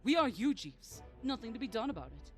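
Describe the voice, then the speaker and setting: A woman's voice: very animated, brisk, faint music behind. Woman reading as a grieving father rallying villagers. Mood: rousing. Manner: lowered, earnest read-aloud of game dialogue. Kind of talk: reading game dialogue aloud on stream.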